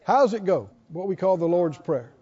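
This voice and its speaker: A man's voice: high-pitched, sing-song, normal speed, warm tone, slightly rough. A male pastor preaching a sermon, calling on the congregation to answer back. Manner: call-and-response preaching, asks the congregation to answer. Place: church sanctuary. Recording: echoey hall, dull lo-fi sound.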